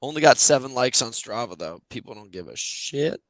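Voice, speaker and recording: Speaking at a normal pace and medium pitch, a man hosts a podcast with no audible room sound. His casual chat features lively, rambling storytelling heavy with fillers.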